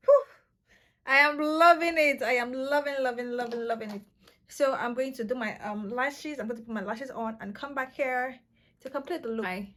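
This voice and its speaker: A young woman talks a viewer through her makeup in a casual, chatty way. Her voice sits a little high, and she keeps bursting into playful, excited exclamations. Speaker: beauty vlogger.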